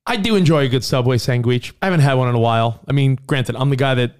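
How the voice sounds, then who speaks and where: A man's voice: mid-range voice, fast talker, clean tone. A man co-hosting a podcast, chatting casually and riffing with jokes. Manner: jokey, riffs with silly put-on voices. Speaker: podcast co-host.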